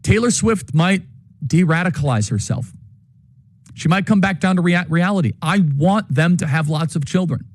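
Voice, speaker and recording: A man's voice: sits high, expressive, normal speed. A man giving an opinion monologue as a political commentator, earnest and insistent.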